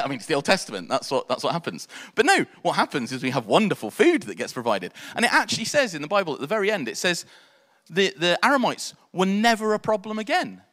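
Animated, lively male preacher. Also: on the high side, in a large hall. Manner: animated storytelling, acts out quotes in voices. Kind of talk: sermon.

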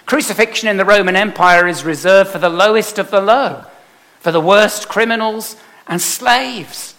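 A man preaching a sermon emphatically, putting rhetorical questions to his congregation and swinging from loud to soft. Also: high voice, lively intonation, a little slow. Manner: emphatic, with dramatic swings in loudness. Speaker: pastor.

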